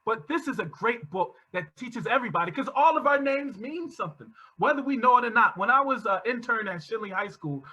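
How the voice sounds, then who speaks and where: Bright-voiced animated man presenting. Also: very high voice, brisk, hardly any pauses, husky, low-quality recording. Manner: animated storyteller, frequent restarts and chuckles. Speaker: workshop presenter for teachers. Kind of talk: storytelling lecture.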